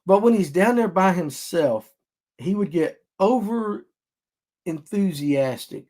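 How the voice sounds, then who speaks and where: Taking it slowly in a high-pitched voice, this fishing podcast host tells stories on his casual show. He animatedly acts out what other people said.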